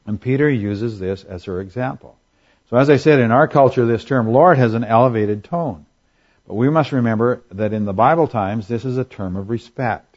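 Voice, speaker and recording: A man's voice: medium pitch, moderate pace, darkish tone, dull audio. A man preaching a sermon in a conversational way, asking rhetorical questions and acting out quotes for humor. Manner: acts out quotes in voices for humor. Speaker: pastor.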